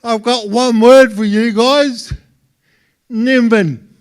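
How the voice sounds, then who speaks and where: A man with an Australian accent doing stand-up comedy for a live audience, with a halting delivery full of repeated words. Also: very high-pitched, steady tone, clean tone. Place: live stage before an audience.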